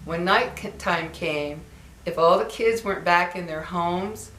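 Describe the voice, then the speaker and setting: A woman's voice: lowish voice, measured pace, a bit bright, slight background noise. Older woman vlogger, chatty storyteller, records in a roomy, echoey space. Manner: chatty and reminiscing, acts out quoted voices. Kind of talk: casual chat to viewers.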